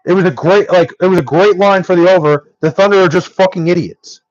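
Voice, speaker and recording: A man's voice: high voice, a little fast, dry recording, dull audio. A young man angrily ranting on a live stream, swearing nonstop and exasperated. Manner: angry, profane ranting.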